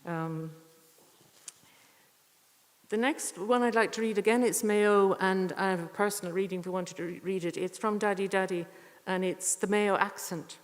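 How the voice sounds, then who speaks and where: A woman giving a poetry reading with short spoken introductions, earnest and unhurried, with thoughtful pauses. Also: mid-range voice, steady tone. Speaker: poetry reader at a tribute evening. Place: church. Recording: echoey church hall.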